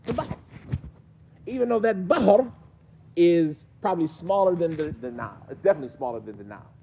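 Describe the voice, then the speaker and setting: A man's voice: fairly high pitch, expressive, fairly quick, vocal fry, dark tone, muffled recording, a little hiss or hum. A man with a New York accent teaching a mosque class, questioning his students in a conversational way. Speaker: teacher explaining hadith.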